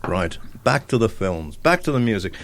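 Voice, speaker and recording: A man's voice: fairly low pitch, big pitch swings, normal speed, fairly bright tone. A man presenting a radio show, chatting casually with a guest, hesitant and full of fillers. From Isle of Man.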